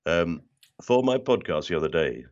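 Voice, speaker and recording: Speaking at a normal speed in a deep voice, this older man from South London chats casually as an interview guest. He's a lively storyteller with a London accent who drops into impressions of other people, and the recording has its highs cut off.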